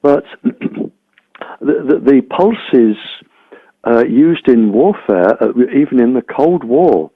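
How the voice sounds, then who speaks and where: A man explaining things in a slow, deliberate way, listing items with hesitant ums, heard over a tinny phone-like line. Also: mid-range voice, animated, slightly rough, no echo.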